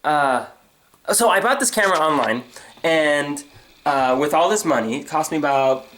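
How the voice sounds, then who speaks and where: A man's voice: fairly high pitch, moderate pace. A young man venting sarcastically to his new camera in a comedic rant, recorded on the camera's own mic. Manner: animated, sarcastic, mimics others in silly voices. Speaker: vlogger. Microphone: built-in camera mic.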